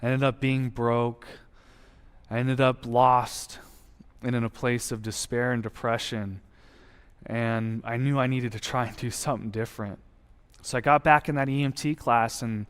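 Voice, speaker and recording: A man's voice: mid-range voice, steady tone, fairly bright tone, clear, resonant tone. Earnest man telling his story in a reverberant hall. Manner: earnest, reflective storytelling with deliberate pauses. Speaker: guest speaker sharing testimony. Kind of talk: personal testimony.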